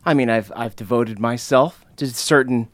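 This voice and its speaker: A man's voice: medium pitch, moderate pace, dry recording, lightly acted. A man voicing a glib young male paladin in a casual, joking way.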